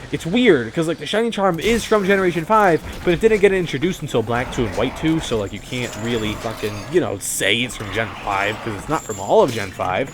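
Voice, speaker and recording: A young man doing casual let's-play commentary, rambling from topic to topic and swearing freely as he tells stories. His voice is slightly high for a man and very lively in pitch, with faint noise underneath. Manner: rambling, profane, animated storytelling. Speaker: game commentator.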